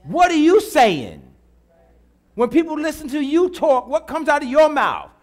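A man's voice: very high-pitched, very animated, unhurried. A middle-aged man preaching a sermon in church, repeating his lines and calling out to the congregation. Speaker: pastor.

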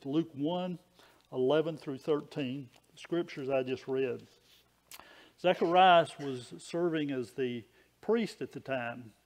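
A man's voice: fairly high pitch, gravelly, darkish tone. A man preaching a sermon in a folksy, conversational way, with small stories and frequent restarts.

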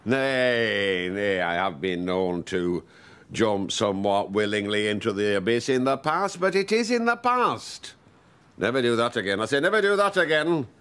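A man's voice: on the low side, animated, unhurried, fairly bright tone, smooth. An actor playing a pompous older man who repeats his own phrases, in a television soap scene. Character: older male widower, pompous and fond of repeating himself.

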